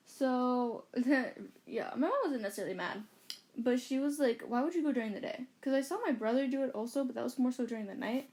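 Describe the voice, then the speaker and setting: A woman's voice: fairly high pitch, fairly quick, a little mellow. A woman co-hosting a casual podcast from a bedroom, telling a rambling story full of fillers and quoted lines. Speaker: podcast co-host.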